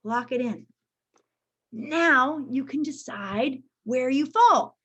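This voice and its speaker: A woman leading an online training session, chatty and lively, checking in with her audience with a frequent "okay?". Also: high voice, takes it slowly, breathy edge, highs cut off. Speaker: workshop presenter.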